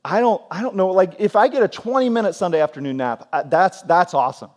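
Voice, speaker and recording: A man in his forties preaching a sermon in a church, telling stories in a lively way and acting out scenes with sudden loud outbursts. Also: high voice, fast talker. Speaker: pastor. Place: church sanctuary.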